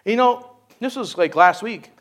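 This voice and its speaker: A man's voice: high voice, animated, a little slow, fairly bright tone. A man preaching a casual sermon at a church service, chatty and exclaiming, often asking "you know?". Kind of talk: folksy conversational sermon.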